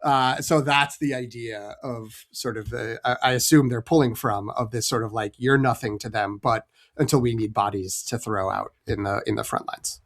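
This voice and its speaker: A man's voice: medium pitch, fairly even intonation, moderate pace, few pauses. Rambling man on a film podcast. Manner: rambling, heavy on fillers and restarts. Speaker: podcast co-host. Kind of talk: casual film-discussion chat.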